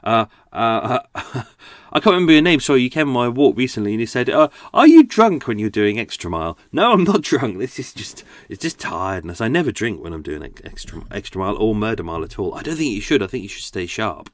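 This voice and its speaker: A man's voice: fairly low pitch, sing-song, fast talker. A man chatting casually and unscripted as a podcast host, tired and a little out of breath, talking from his boat. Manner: rambling, chatty, self-deprecating.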